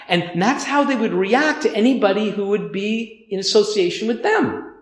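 Guy preaching a chatty sermon, kinda high voice, roomy echo. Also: moderate pace. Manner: conversational, with restarts and mimicked voices. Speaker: pastor.

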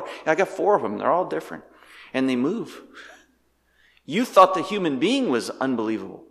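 A male pastor preaching a sermon with animated delivery, firing off rhetorical questions and swinging between loud and hushed. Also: on the high side, moderate pace, vocal fry, pauses often, big-room sound.

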